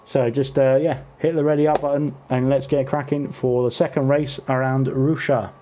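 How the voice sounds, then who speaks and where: A man's voice: mid-range voice, moderate pace, dull audio, slight background noise. Chatty British man hosting a race stream. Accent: British English. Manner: chatty, teasing, lively when racing action picks up. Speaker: league race host and commentator. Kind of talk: casual sim-racing stream commentary. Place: home gaming setup.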